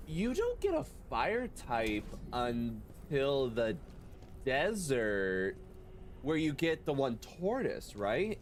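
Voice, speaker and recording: A man with a mid-range voice takes his time speaking on his video game livestream, bantering and joking energetically with viewers mid-play, while a little hiss or hum runs underneath.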